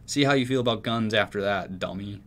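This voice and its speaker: Profane laid-back young guy, low voice. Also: brisk, fairly bright tone. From Texas. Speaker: music producer. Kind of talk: casual storytelling.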